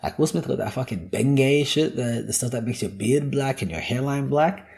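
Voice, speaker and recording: A man's voice: mid-range voice, normal speed, gravelly, a little mellow. A young man hosting a solo podcast, talking casually in a joking, profane, ranting way. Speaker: podcast host.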